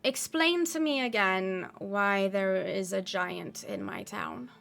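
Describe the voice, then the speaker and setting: A woman's voice: medium pitch, sing-song, slow pace, vocal fry, a bit bright, pitched below the performer's own voice, heavily acted. A woman voicing a tall, strong half-elf woman who leads a town, guarded and blunt. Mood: wary.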